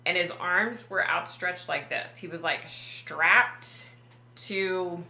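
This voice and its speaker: A woman psychic vlogger retelling a dream in a halting, emotional way, full of fillers and restarts. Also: on the low side, vocal fry, pushed and bright, reverberant. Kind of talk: personal vlog storytelling.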